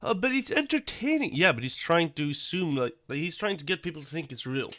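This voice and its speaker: A man's voice: a little high, a little fast, no room sound. Blunt, cursing male commentator, dry mic. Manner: blunt, profane, animated. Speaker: YouTube commentator. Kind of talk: reaction commentary.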